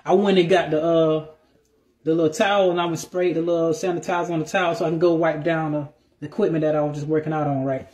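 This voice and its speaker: A man telling a personal story in a casual, animated, profane rant. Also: on the high side, fast talker.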